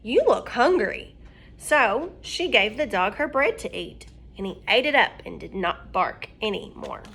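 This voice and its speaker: A woman reading a children's storybook aloud, expressive and asking her listeners questions. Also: mid-range voice, measured pace, gravelly, few pauses, breathy edge.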